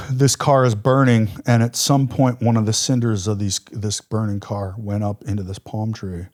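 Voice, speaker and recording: A man's voice: lowish voice, a little mellow. A man in his forties, a military veteran telling war stories as a podcast guest, vivid and reflective, with casual fillers. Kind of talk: podcast interview storytelling.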